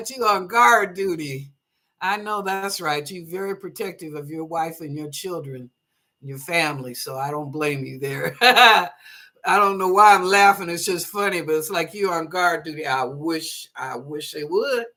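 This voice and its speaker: A woman hosts a live psychic reading show in a crisp, bright voice. She reads each viewer's question aloud and answers in a relaxed, chatty way. She laughs easily and offers blessings to her callers. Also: on the low side, moderate pace. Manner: reads chat questions aloud then interprets them. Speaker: psychic reader and show host.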